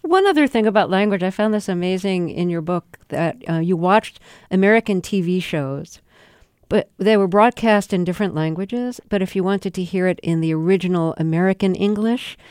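An interviewer asking long, measured questions that frame the topic. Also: medium pitch, a little mellow, clear, resonant tone, no echo, clean studio sound.

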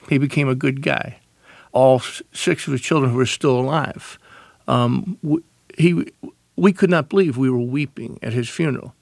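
A man, a radio interview guest telling animated stories and acting out the voices of family members. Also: medium pitch, vocal fry, no room sound, studio quality. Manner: animated storyteller, acts out quoted voices.

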